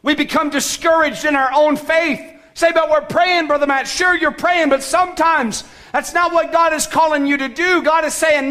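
A man preaching a sermon as pastor, emphatic, with shouted calls to action and sudden soft, low passages. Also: fairly even intonation, moderate pace, hardly any pauses.

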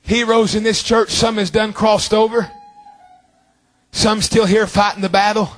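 A man preaching a sermon fervently, with long drawn-out phrases. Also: sits high, steady tone, a bit bright.

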